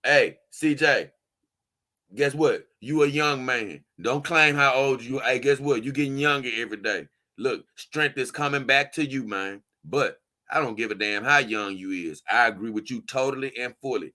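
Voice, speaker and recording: A man with a bright, forward voice at an ordinary pitch, chatting to his viewers in a loose vlog. He talks emphatically, repeats himself for effect, uses plenty of slang and often restarts his sentences. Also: normal speed. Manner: emphatic and repetitive, slangy and informal; trips over his words, frequent restarts. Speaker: doll-collecting vlogger. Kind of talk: casual vlog chat, answering viewer comments.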